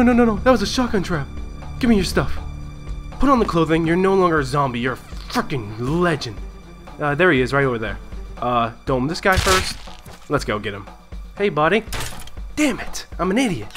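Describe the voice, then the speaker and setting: A man hosting a gaming video, giving excitable live commentary on his own play, swearing, laughing and talking to himself. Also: a little high.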